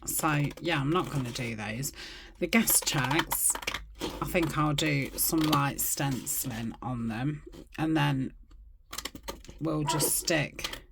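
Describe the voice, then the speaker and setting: Low, slow-talking woman crafting. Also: vocal fry, noisy background. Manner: rambling, chatty, murmurs asides to herself. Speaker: craft channel host. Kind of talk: casual crafting chat. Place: home crafting desk.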